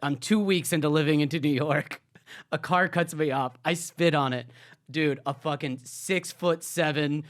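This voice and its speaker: A man's voice: fairly high pitch, steady tone, normal speed. A man hosting a podcast, telling stories and teasing his guest in casual comedic chat. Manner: storytelling, teasing questions. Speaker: podcast host.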